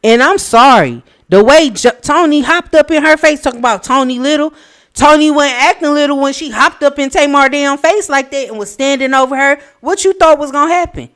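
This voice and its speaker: A woman co-hosting a casual reality TV recap podcast, speaking in with a blunt, opinionated, animated manner. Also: sits high, a little fast. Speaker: podcast co-host.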